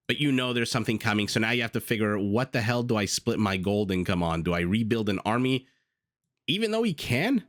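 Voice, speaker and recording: A man with a fairly low voice gives relaxed post-game commentary on a strategy match. He talks in a chatty, self-mocking way and often stops for filler pauses. The recording is dry and close to the mic. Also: no echo. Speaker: game caster.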